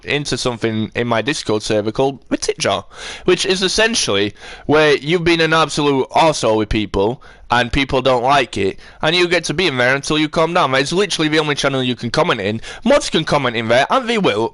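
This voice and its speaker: A man's voice: medium pitch, fairly bright tone, dry recording. A man chatting on a live stream, rambling and ranting as he answers his chat.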